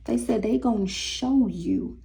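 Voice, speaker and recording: A woman's voice: on the high side, a little slow, gravelly, warm tone. A young woman giving a casual tarot reading, talking straight to viewers in a sassy, teasing way. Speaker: tarot reader.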